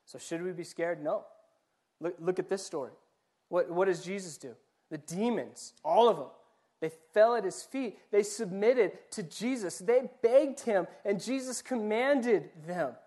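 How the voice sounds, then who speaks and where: A man's voice: high-pitched, measured pace, dark tone. Man preaching with emphatic repetition. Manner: asks the listeners direct questions. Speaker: pastor. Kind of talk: sermon.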